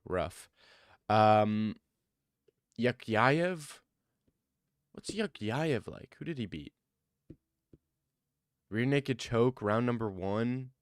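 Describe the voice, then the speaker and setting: A man chatting casually about fights, thinking out loud as he goes and often breaking into excited rants. His voice sits in an ordinary middle register. The sound is close and dry, with no room echo. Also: mid-range voice, extremely slow, long pauses. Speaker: MMA commentator. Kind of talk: casual fight-card commentary.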